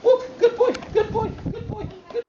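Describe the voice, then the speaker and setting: A dog trainer, a man, using a very high-pitched, fast, repetitive voice to coax a puppy to walk. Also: steady tone, echoey room, lo-fi sound. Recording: distant outdoor mic with wind. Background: wind noise.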